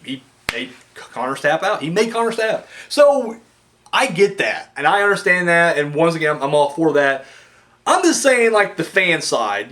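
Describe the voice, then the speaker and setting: A young man giving a casual, excitable review of a wrestling show, slangy and full of "dude" and "like". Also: sits high.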